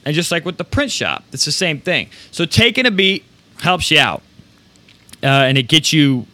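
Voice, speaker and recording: Bright-voiced energetic podcast man. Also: a little high, normal speed, no room sound. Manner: energetic and rambling, with frequent restarts and casual swearing. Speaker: podcast host. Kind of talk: motivational casual talk.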